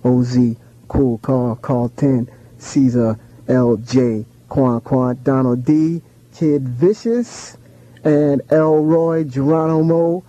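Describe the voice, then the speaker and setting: Male radio DJ, dark and mellow, rattles off listener shout-outs over a dull lo-fi broadcast. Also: medium pitch, takes it slowly. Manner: rattles off names in a steady list.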